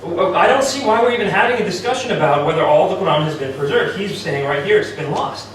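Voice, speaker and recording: A man giving a formal debate speech, arguing and citing sources one after another, with his pitch jumping up on key points. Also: a little hiss or hum. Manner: argumentative, citing sources in quick succession. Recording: echoey hall, distant mic.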